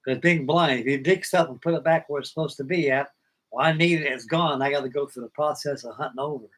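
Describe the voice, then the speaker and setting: A man's voice: fairly high pitch, fast talker, fairly bright tone, low-quality recording. An older man, host of a model-building livestream, telling a long personal story in a folksy, plainspoken way and acting out old conversations.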